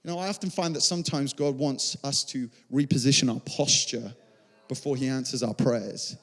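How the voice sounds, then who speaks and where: A man's voice: mid-range voice, moderate pace, fairly bright tone. A male pastor giving a passionate, conversational sermon, often restarting his phrases. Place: church auditorium. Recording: reverberant church hall.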